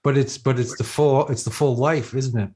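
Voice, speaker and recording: A man hosting a video-call book club conversation who speaks in a halting, hesitant way, repeating words as he searches for his point. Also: medium pitch, fairly even intonation, darkish tone, husky. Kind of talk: casual conversation.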